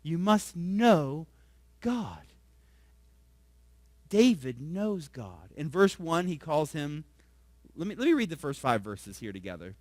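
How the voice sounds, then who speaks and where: A male pastor delivers a very animated sermon at normal speed with no echo. He repeatedly asks the congregation questions, ends points with "right?", and shifts between soft, low asides and loud emphasis.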